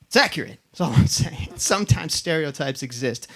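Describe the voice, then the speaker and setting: A man's voice: fairly high pitch, expressive, moderate pace, noisy background. Profane conversational male stand-up comic. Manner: profane, conversational, does mock voices of others. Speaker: stand-up comedian. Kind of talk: stand-up set. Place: live comedy venue.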